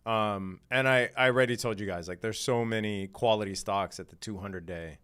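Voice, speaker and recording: A man's voice: lowish voice, normal speed, fairly bright tone, smooth. A man hosting a live day trading stream, talking in a casual, slangy, laid-back way and laughing often. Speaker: day trading livestream host.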